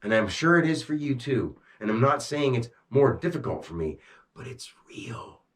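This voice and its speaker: A man talking intensely to a camera, amped up and agitated, swearing and swinging between rushed bursts and slow, heavy emphasis. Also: medium pitch, very animated. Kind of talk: rambling talk to camera.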